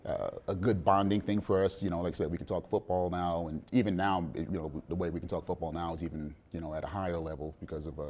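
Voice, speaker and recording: A middle-aged man, the father of a young player, talking in a relaxed sit-down interview with many fillers and restarts. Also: low-pitched, quick pace, hardly any pauses, slight background noise. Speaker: interview guest, father of a college quarterback.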